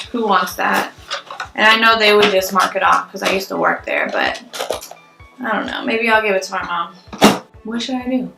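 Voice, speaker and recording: Young female beauty vlogger, casual and chatty, a bit high, gravelly fry. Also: a bit bright, rough recording. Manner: chatty, frequent "like" fillers. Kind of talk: casual product review vlog.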